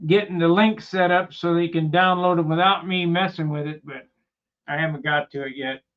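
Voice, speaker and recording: A man's voice: fairly high pitch, fairly even intonation, normal speed, dull audio. A man hosting a casual workshop vlog on building model airplanes, talking in a rambling, plainspoken way with loose asides.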